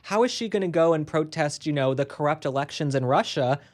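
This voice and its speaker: Woman pundit, kinda low voice, emphatic, laughs a lot. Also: expressive, a little fast, darkish tone. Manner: emphatic, laughs often, opinionated. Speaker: political commentator guest. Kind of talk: political talk show discussion.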